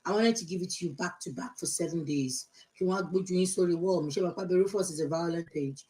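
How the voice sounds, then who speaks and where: Scolding woman, rather low voice. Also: fast talker, dark tone, rough recording. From Nigeria. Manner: confrontational, scolding, mocking. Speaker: blogger. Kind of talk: angry social-media rant.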